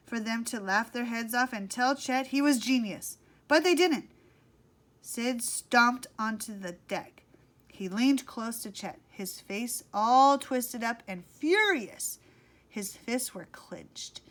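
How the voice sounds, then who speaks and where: Slow, expressive woman reading a story. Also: on the high side. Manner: slow, expressive read-aloud. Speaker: audiobook reader. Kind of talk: storybook narration.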